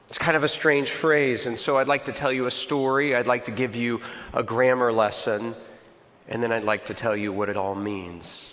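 A male pastor delivers a sermon in a church hall, and his voice trails off into a long reverb tail. He tells stories in a relaxed, conversational way and slows almost to a crawl whenever he wants a point to land. His pitch sits at an ordinary middle for a man. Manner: storytelling, slowing down to stress key words.

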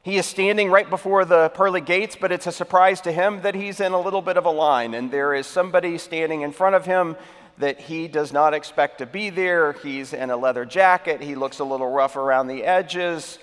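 A man's voice: fairly high pitch, a little fast, fairly bright tone, smooth. Storytelling male pastor in a reverberant church. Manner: storytelling, conversational, emphatic. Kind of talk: sermon.

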